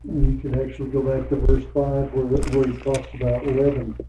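Man, study group participant, measured comments, echoey room, faint hiss. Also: mid-range voice, little pitch movement, warm tone. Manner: measured, adds scriptural comments. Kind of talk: casual group discussion. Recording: tinny distant phone line, roomy, faint hiss.

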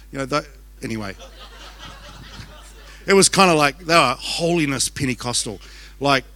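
Fast-talking New Zealand pastor, bright voice. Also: male voice, medium pitch, no room sound. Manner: fast-talking, joking and conversational, with restarts. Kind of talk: conference sermon. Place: church auditorium. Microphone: handheld microphone.

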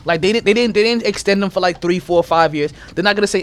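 A man hosting a casual sports podcast, animated and laughing, trash-talking over a call. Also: high-pitched, fast talker. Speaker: podcast host.

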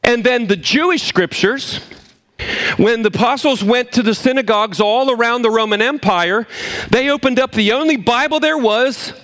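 A man preaching a sermon, animated, swinging between emphatic points and low, quiet asides. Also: moderate pace. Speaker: pastor.

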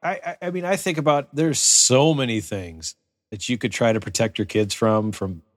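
A man's voice: medium pitch, normal speed, dry recording, studio quality, long reverb tail. A man co-hosting a casual podcast chat, thinking aloud in a rambling, hesitant way. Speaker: podcast co-host.

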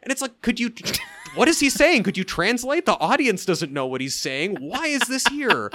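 A man co-hosting a podcast, recapping a film in casual, jokey chat with lively asides. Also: extremely high pitch. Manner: animated, jokey, quick asides with laughs. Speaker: podcast co-host reviewing a film.

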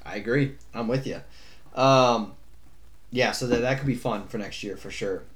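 A man co-hosts a laid-back sports podcast, his voice sitting at an ordinary middle pitch. He rambles through his points with plenty of fillers, restarts and casual swearing. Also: moderate pace. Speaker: podcast co-host.

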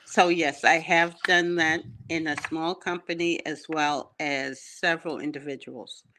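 A woman's voice: deep voice, fairly even intonation, measured pace, background noise. A woman guest, a coach and minister, speaking earnestly and affirmingly in an interview. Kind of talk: conversational interview.

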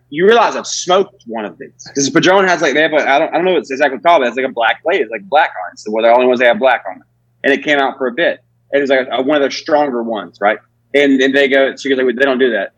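A man's voice: mid-range voice, fairly bright tone, no room sound, muffled recording. A man, a comedian chatting casually on a podcast and telling rambling, profane stories. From Alabama, US. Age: 20s. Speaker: comedian guest.

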